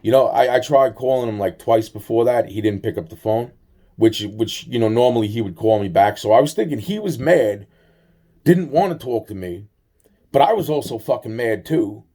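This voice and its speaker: Rambling, profane man with a mellow voice. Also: mid-range voice, expressive, normal speed, slightly rough. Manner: profane, rambling, with many restarts; acts out both sides of conversations. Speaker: storyteller. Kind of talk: casual personal storytelling.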